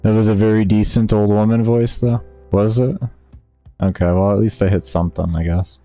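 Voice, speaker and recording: A man's voice: fairly low pitch, steady tone, moderate pace, warm tone. A male streamer in laid-back, slangy casual chat, talking to his viewers. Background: faint background music.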